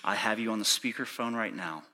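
A man preaching a sermon, telling a personal story with urgency, sometimes hushed and sometimes pleading. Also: on the low side, a little fast. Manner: urgent pleading, rising to shouting in reenacted moments; soft and hushed when recounting prayer. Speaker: pastor.

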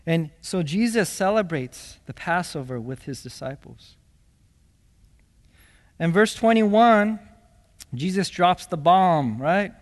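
A man's voice: high-pitched, expressive, slow pace, long pauses. A man preaching a sermon as pastor, reading scripture and explaining it with emphatic, rhetorical "right?" asides. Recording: long hall reverb.

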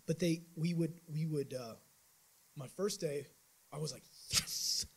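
A man giving a church mission trip report as an informal sermon testimony, telling his story in an animated way with many restarts. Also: on the high side, measured pace, vocal fry, husky, low-quality recording.

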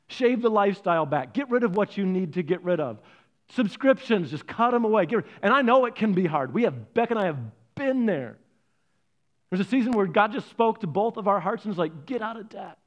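A man's voice: high voice, muffled recording. A middle-aged man pastor preaching a sermon with energy, leaning on emphasis and repetition.

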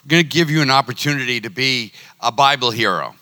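A man's voice: mid-range voice, quick pace, bright, forceful tone. A man leading a church service as pastor, speaking with enthusiasm. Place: church sanctuary.

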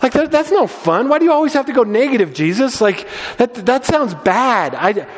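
Man doing squabbling young disciples, high-pitched, whiny, overeager, long hall reverb. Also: lively intonation, moderate pace. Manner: whiny, overeager, casual modern slang.

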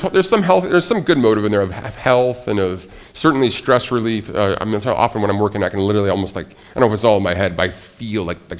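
This middle-aged pastor's voice is on the low side as he preaches. He alternates between hushed, nearly whispered asides and loud, excited exclamations, often restarting his phrases.

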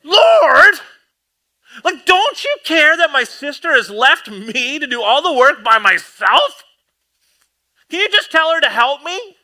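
A man's voice: very high-pitched, sing-song, slow, pushed and bright, voice pushed up, full character voice. A man doing Martha, a whiny overworked young woman. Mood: exasperated. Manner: whiny, complaining. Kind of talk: comic sermon re-enactment.

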